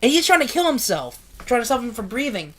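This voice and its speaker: A woman's voice: a little high, very animated, fast talker, husky. A woman reading a novel aloud with casual commentary, emotional and tearful and swearing often. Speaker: book reader.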